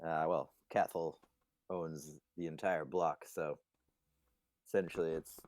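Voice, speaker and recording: A man's voice: very deep voice, steady tone, slow pace, a little mellow. A man doing a cursing, irritable henchman. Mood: explaining. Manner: cursing, impatient. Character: irritable foul-mouthed male henchman.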